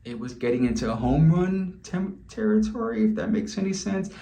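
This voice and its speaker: A man's voice: sits high, very animated, moderate pace, creaky, mellow. Chatty man telling a story in a roomy space. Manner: candid and chatty, with loose restarts. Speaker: vlogger. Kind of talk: casual storytelling to camera. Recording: roomy echo.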